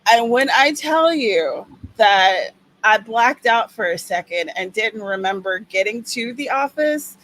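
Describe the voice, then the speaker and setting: A woman's voice: a little high, unhurried, low-quality recording. Chatty, teasing woman host. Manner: chatty, teasing, animated storytelling. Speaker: writing livestream co-host. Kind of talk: casual chat.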